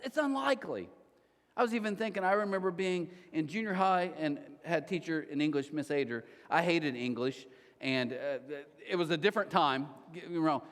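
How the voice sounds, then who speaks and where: A middle-aged male pastor delivers a sermon in a large church, telling personal stories with lively energy. His voice sits high and swings widely in pitch. A long reverb from the hall trails behind every line. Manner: animated storytelling with sudden pitch jumps.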